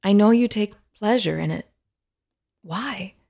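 A woman's voice: lowish voice, steady tone, moderate pace, gravelly, a little mellow, dry recording, studio quality. A woman voicing an earnest, respectful young woman seeker speaking to a spirit.

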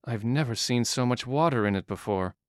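Here a man plays a firm, direct young woman of determination and resourcefulness in an audiobook, keeping the mood matter-of-fact. He talks briskly at a medium pitch, close to his everyday voice. The sound is studio quality with no echo.

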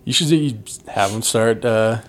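A man's voice: lowish voice, measured pace. A man hosting a comedy podcast, playful and laughing, often stammering as he restarts sentences. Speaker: podcast host.

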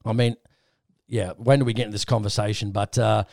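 A man's voice: fairly low pitch, brisk, creaky, no room sound, clean studio sound. An Australian man hosting a podcast, telling a rambling story in casual chat and acting out what others said. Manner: rambling, animated retelling with quoted voices. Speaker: podcast host.

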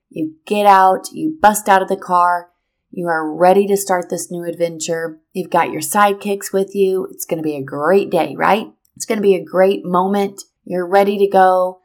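A middle-aged woman telling a personal story to teachers, animated and speaking straight to her listeners. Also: fairly low pitch. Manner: animated, addresses listeners directly.

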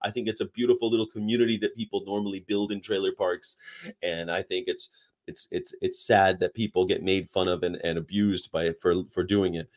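Rambling, laughing man with a low voice. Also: flat delivery, a little fast. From United States. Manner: rambling, laughs often, mimics accents. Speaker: livestream host. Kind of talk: casual chat reading chat comments.

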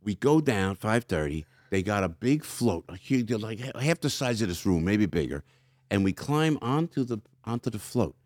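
A man's voice: fairly low pitch, very animated, normal speed, a little mellow, no room sound. A man who is a comedian and radio host, telling anecdotes as a guest in a conversation and acting out the voices of the people in his stories. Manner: acts out quoted voices, laughs often, emphatic.

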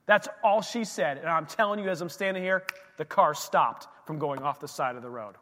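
A man preaches with a high, light voice, leaning hard on repeated phrases and rising and falling in volume. His words ring out with a long reverb, like a church hall. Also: moderate pace, pushed and bright, slight background noise. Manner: emphatic, repeating key phrases with swings in volume. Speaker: pastor. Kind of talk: sermon. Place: church sanctuary.

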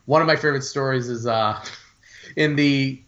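Male podcast co-host, casual rambling chat, bright edge, muffled lo-fi recording. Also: mid-range voice, normal speed. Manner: loose and rambling, many "like"s and restarts.

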